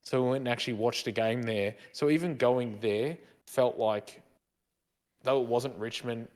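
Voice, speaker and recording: A man's voice: medium pitch, normal speed, a little mellow. A middle-aged man co-hosting a casual podcast chat, rambling fondly through old memories. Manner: fond, rambling reminiscing. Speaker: podcast co-host.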